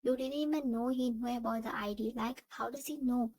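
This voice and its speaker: A woman reading second-person fan fiction narration in an even, steady way. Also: fairly high pitch, a little fast, poor audio.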